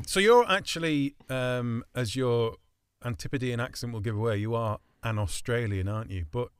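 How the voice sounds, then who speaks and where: A man's voice: medium pitch, moderate pace, smooth. Teasing male podcast host. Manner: teasing, jokey. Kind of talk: casual podcast interview.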